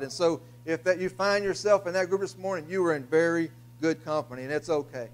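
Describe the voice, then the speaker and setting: A man preaching a sermon as pastor, halting and repeating his words with frequent fillers. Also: high voice. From Louisiana, US. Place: church sanctuary.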